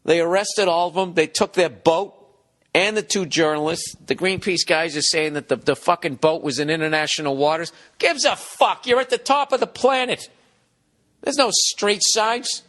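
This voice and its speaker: A man's voice: sits high, a bit bright. A man, ranting profanely and incredulously in a casual comedic monologue. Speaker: podcast host.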